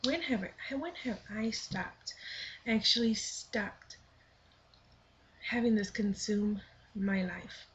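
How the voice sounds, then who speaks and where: Woman, 20s, mid pitch; earnest vlogger reading her own blog to camera, soft near-whispers; muffled lo-fi camera sound. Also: slow pace, long pauses, slight background noise. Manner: earnest, thoughtful, with soft half-whispered stretches. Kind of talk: reflective personal vlog, reading her own blog aloud.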